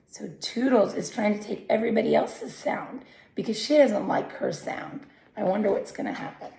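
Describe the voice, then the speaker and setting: Woman narrator, storybook read-aloud for kids; slow, gentle, roomy echo. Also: medium pitch. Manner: gentle, questioning asides to young listeners. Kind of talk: reading a picture book to children.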